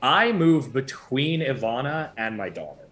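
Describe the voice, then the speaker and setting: A man's voice: medium pitch, very animated, a little slow, a bit bright. A man with a Canadian accent, rambling through his moves in a casual tabletop game with frequent restarts. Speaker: player.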